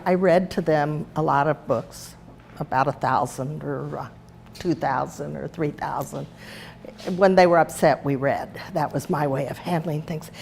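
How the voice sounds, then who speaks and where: A woman's voice: low voice, creaky, a little hiss or hum. An older woman giving a casual teaching talk, chatting her way through family anecdotes and a children's story. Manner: chatty, anecdotal, warm storyteller with small laughs. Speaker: speaker and teacher.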